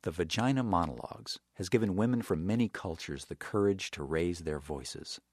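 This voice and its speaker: A man giving scripted documentary narration in a measured, even way. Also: low-pitched, breathy edge, dry recording, studio quality.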